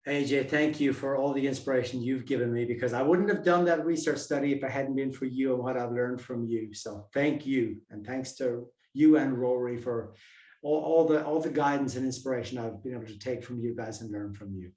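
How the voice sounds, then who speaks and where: A man's voice: medium pitch, a little fast, darkish tone. Earnest male guest in an echoey room. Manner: grateful, earnest. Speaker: podcast guest. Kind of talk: interview remote chat.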